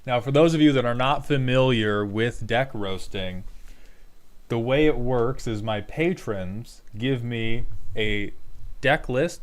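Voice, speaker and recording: Male streamer host, sarcastic, profane, mid-pitched, loose casual banter. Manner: sarcastic, profane, mock-scolding. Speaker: streamer host roasting viewer decks.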